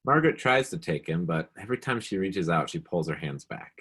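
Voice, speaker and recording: A man reads stage directions in a plain, matter-of-fact way. His very deep voice is husky. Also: lively intonation, a little fast, a bit bright.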